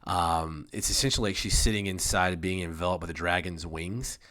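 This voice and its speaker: A man's voice: deep voice, fairly even intonation, brisk, a bit bright. A man narrating as game master in a tabletop game, casual and rambling, with the odd swear.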